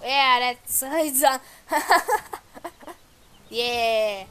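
Brief: excitable woman doing gameplay commentary, slightly high voice, unhurried delivery. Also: clean tone. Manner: excitable, talks to and taunts enemies; frequent exclamations and repeated words. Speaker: gameplay video maker. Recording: music playing loud behind voice. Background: background music and game sounds.

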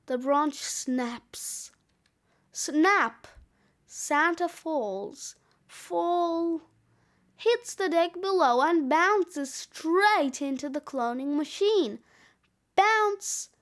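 Slow, high-voiced woman reading a storybook. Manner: expressive, sound-effect reading. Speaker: storybook reader. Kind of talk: children's book read-aloud.

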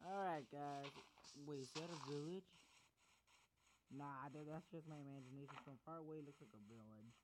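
A young man commentating his own gameplay in a crude, excitable way, swearing and shouting at the game. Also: on the high side, moderate pace. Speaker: gamer. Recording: loud background noise.

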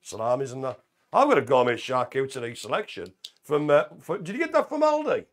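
A man's voice: medium pitch, very animated, a little fast. A man co-hosting a live community show, chatting in a jokey, easygoing way. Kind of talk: casual live chat.

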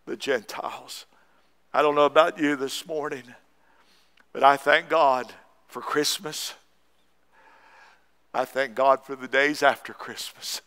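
Fervent preacher man, clear voice. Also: fairly high pitch. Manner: fervent Southern preaching, rising to shouts. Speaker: pastor. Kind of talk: sermon. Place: church sanctuary.

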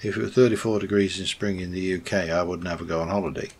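A man's voice: deep voice, fairly even intonation, fast, a little mellow, a little hiss or hum. A man rambling casually as he plays a game, thinking aloud and correcting himself. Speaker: Minecraft let's play host. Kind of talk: casual gameplay commentary.

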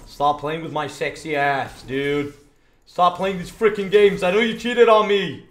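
A young British man, a streamer, giving crude, joking live commentary on his game with sudden shouted outbursts. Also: high voice, unhurried. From Britain. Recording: roomy echo.

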